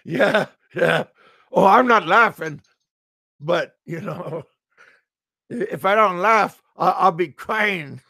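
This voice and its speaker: A middle-aged man from the US talks slowly and unhurriedly in a gravelly, slightly raised voice. He stammers, repeats words and chuckles often through a rambling, joking monologue. The sound is dry and close. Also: sits high, pushed and bright, dry recording. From United States. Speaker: expat vlogger.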